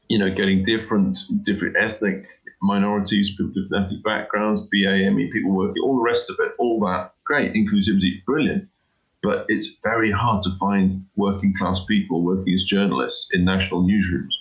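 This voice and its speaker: A middle-aged man with a low-pitched voice appears as a guest in a casual interview, talking about his work. He's emphatic and rambling, often saying "you know." The recording quality is low.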